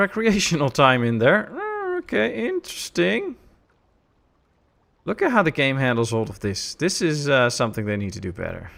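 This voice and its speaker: A man casually commenting while he plays a city-building game on a live stream, relaxed and chatty, answering chat as he goes. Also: lowish voice, creaky.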